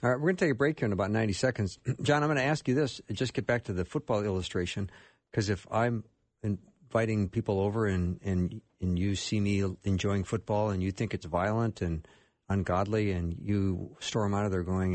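A man hosting a call-in radio talk show, brisk and friendly as he announces and takes calls. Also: lowish voice, a little mellow, no echo. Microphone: studio microphone.

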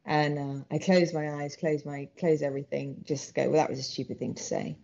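A British woman, a guest, sharing a personal faith story in an earnest way, with soft laughs. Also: sits low, steady tone, brisk, gravelly, lo-fi sound.

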